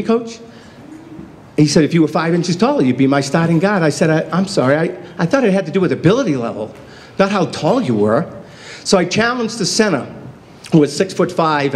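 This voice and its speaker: A man in his fifties giving a humorous acceptance speech, self-deprecating and acting out quoted dialogue. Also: medium pitch. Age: 50s. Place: hotel banquet hall.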